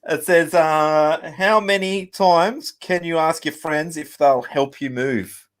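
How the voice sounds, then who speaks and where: A man's voice: on the high side, takes it slowly. A man in his thirties with an Australian accent, hosting a casual chat and rambling through stories with fillers and laughs. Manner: rambling storyteller with many ums and laughs. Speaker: musician and show host.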